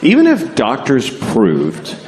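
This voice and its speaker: A man doing a stand-up comedy set, delivering deadpan and acting out voices. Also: medium pitch, takes it slowly. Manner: deadpan, acts out voices in quotes. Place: theater stage before a live audience. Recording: live show with crowd noise and laughter.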